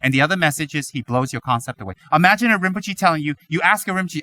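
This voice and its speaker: High, bright-voiced man giving a dharma talk. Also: quick pace, hardly any pauses, no echo. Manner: animated, rhetorical questions, mimics others' voices. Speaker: Buddhist teacher.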